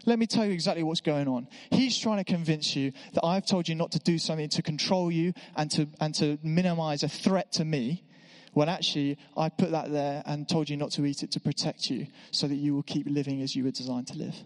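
A man's voice: a little high, steady tone, a little fast, close to an everyday voice. A man voicing God, kind and reassuring. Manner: reassuring, explanatory. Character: God, a kind fatherly male deity. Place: church. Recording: echoey church hall.

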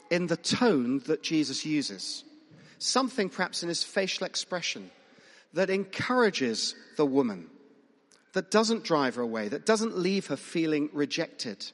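A man preaching a sermon in a fairly high voice, talking to the congregation in a conversational, questioning way. His words ring out with the long reverb of a large church. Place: church hall.

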